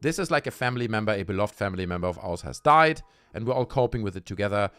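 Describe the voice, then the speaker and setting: A man's voice: fairly low pitch, lively intonation, fast, hardly any pauses, a bit bright, soft background music. A man hosting a livestream, ranting heatedly with lots of swearing and talking straight to his chat while drinking. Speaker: livestream host. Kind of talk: casual livestream rant.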